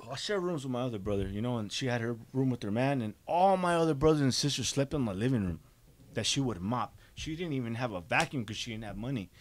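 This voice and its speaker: A man's voice: medium pitch, lively intonation, quick pace, slight background noise. A man on a podcast candidly telling his own life story, blunt and swearing often, getting emotional as it hits him. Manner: blunt, heavy swearing, acts out quoted dialogue; emotional, voice rising when stirred. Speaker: podcast guest.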